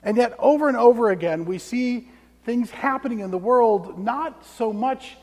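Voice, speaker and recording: A male pastor preaching a sermon in a church, telling the story conversationally and dropping to hushed tones for emphasis. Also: very high-pitched, normal speed. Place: church sanctuary. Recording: long church reverb.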